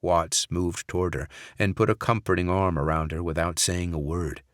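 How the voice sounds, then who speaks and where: In studio-quality audio with no room sound, a low-pitched male narrator reads scripted thriller narration at a steady, measured pace.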